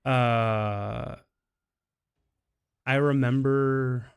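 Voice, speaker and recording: A man's voice: medium pitch, fairly even intonation, extremely slow, clean tone. A man streaming a game, telling long rambling stories in casual chat, often restarting and laughing at himself. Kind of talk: casual storytelling while gaming.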